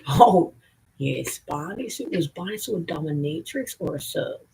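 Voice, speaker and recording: A livestreamer from the Southern United States with a Southern accent, rambling in a profane, excitable way and jumping between topics, with a gravelly, raspy voice. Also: mid-range voice, moderate pace, slight background noise, rough recording. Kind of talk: rambling live stream chat.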